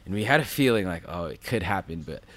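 A man in his thirties telling a personal story in casual chat, animated, full of fillers and acted-out quotes. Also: deep voice, quick pace. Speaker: podcast guest.

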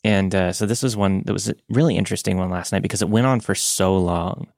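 A man with a deep, gravelly voice chats casually as a podcast co-host, rambling a little and laughing easily. The recording is close and dry. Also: fast talker, dry recording. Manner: relaxed, rambling, laughs often. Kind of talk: casual chat.

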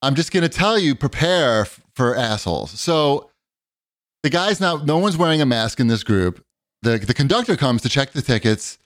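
A man hosting a podcast, telling an animated story with plenty of swearing and acted-out quotes. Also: medium pitch, normal speed. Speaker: podcast host. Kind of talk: casual chat, storytelling.

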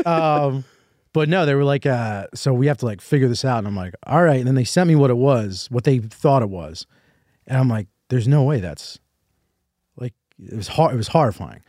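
A man's voice: mid-range voice, lively intonation, a little fast, mellow, no echo, studio quality. A man hosting a podcast, telling a long personal story in a rambling way, full of "like" and restarts, acting out what others told him. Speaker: podcast host. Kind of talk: casual storytelling chat.

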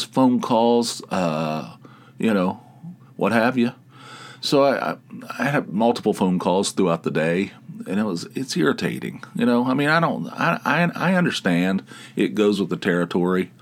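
Low-voiced griping man, rambling on. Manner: wry, griping, crude humor. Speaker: podcast host. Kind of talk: rambling casual monologue.

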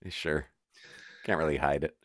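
A man's voice: extremely low pitch, steady tone, unhurried, fairly bright tone, no echo. A man co-hosting a TV recap podcast, opinionated and full of restarts. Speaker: podcast co-host. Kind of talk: casual TV recap chat.

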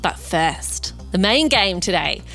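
A woman's voice: lowish voice, big pitch swings, slow, creaky, a bit bright, faint music behind. A woman hosting a podcast, upbeat and playful, moving from a scripted intro into an interview. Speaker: podcast host.

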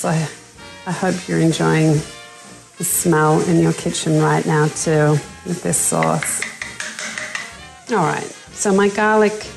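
A woman's voice: mid-range voice, vocal fry. A woman with an Australian accent, chatting casually while cooking in a home kitchen. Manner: relaxed, chatty, with fillers. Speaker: cookbook author and home cook.

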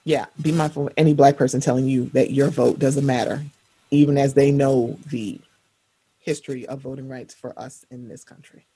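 A woman in her thirties hosting a casual podcast, lively and animated, often jumping into high-pitched voices when quoting. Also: moderate pace, slightly rough. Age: 30s. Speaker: podcast host.

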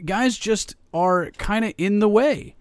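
A man's voice: high voice, slow, smooth, no room sound. Profane, joking man in casual sports talk. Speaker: sports podcast co-host.

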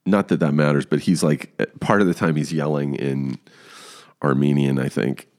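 A man hosting a podcast who tells a story on his own in a casual, animated way, swearing often. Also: rumbling low, moderate pace. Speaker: podcast host.

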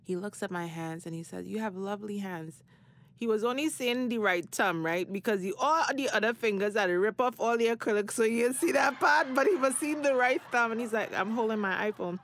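A woman's voice: medium pitch, brisk, fairly bright tone, a little hiss or hum. A woman hosting a podcast, telling a story in a casual, slangy way and laughing often. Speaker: podcast host.

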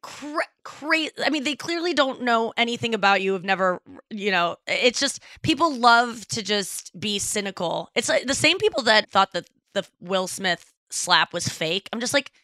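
A woman comedian joins as a guest, gushing with enthusiasm and laughing often. Her voice is bright and pitched a little high. The recording is dry and close. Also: expressive, normal speed, hardly any pauses, dry recording. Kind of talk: casual chat.

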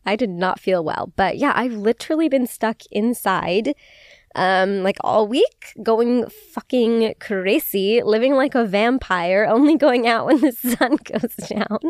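A woman's voice: a little high, measured pace, no echo, studio quality. Chatty swearing woman in her twenties. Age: 20s. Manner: chatty, swears freely, laughs often, animated retelling. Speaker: podcast host. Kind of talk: casual storytelling chat.

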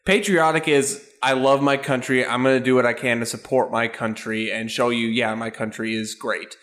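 Male podcast host, mid-pitched, easygoing, halting with ums and quick laughs. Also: fairly even intonation, a bit bright. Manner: laughs often, hesitant with ums. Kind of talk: casual chat.

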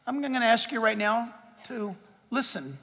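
A man's voice: extremely high pitch, lively intonation, moderate pace, creaky, pushed and bright. A man preaching a sermon from a stage, fervent and emphatic, repeating phrases for stress. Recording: long reverb of a big hall.

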